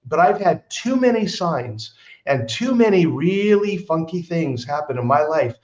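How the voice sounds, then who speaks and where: A man's voice: on the high side, very animated, unhurried, darkish tone. A middle-aged man hosting a podcast, telling personal stories in a chatty, earnest way with rambling asides. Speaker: podcast host. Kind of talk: casual storytelling monologue. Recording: roomy, slightly dull recording.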